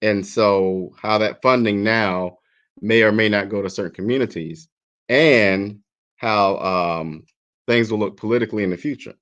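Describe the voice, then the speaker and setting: A man as a talk show guest, speaking in a measured, hesitant way with many pauses. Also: lowish voice, a bit bright. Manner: measured, hesitant, lots of ums. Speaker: guest commentator. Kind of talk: casual talk show discussion. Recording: dull lo-fi line.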